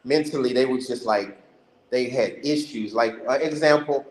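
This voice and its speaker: A man telling a story over a video call in a casual, animated way. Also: moderate pace, reverberant, rough recording. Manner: animated, rises to high voices when quoting.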